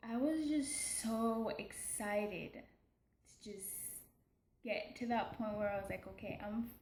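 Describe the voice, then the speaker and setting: Slow, emotional young mother in an echoey room. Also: fairly high pitch, a little mellow, slight background noise. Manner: emotional, hesitant, with many pauses and restarts. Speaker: mother keeping a video diary. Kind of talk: personal video diary.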